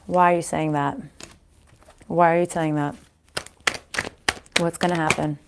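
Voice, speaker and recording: A woman giving a casual tarot reading to viewers, pausing to consult spirits aloud and often restarting her sentences. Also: low voice, level tone, noisy background. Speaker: tarot card reader.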